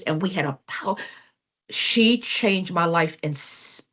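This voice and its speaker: A woman's voice: on the low side, slow. A woman trainer giving a live business workshop, telling stories with emphasis, repeating phrases and speaking directly to the class. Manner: animated, emphatic storyteller addressing the class.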